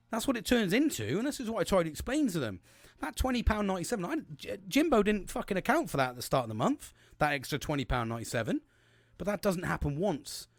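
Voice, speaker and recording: A man's voice: high voice, no room sound. Sweary, rambling man. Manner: rambling and sweary, with many restarts. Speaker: podcast host. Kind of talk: casual solo monologue.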